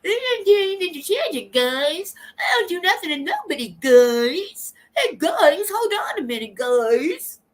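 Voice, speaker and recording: A woman's voice: extremely high pitch, big pitch swings, unhurried, hardly any pauses, pitched above the performer's own voice, full character voice. A woman doing a mocking impression of a whiny, defensive woman who keeps insisting she did nothing and keeps saying "guys.". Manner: whining, repeats "guys".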